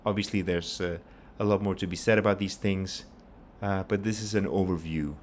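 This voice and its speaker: A man teaching a pronunciation lesson, patiently explaining and repeating example phrases slowly. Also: deep voice, fairly even intonation, darkish tone, a little hiss or hum. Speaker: language teacher.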